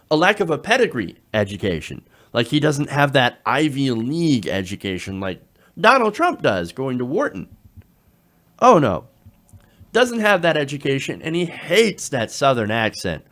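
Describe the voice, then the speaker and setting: A man delivering opinionated political commentary in a sarcastic, animated way. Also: mid-range voice. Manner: sarcastic, animated, drops into mocking quotes.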